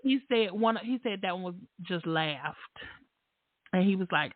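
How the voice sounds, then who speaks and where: A woman hosting a casual podcast, an animated storyteller who laughs often and acts out the voices of the people in her stories. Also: lowish voice, a little slow, dry recording. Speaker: podcast host. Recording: tinny phone-like line, dry.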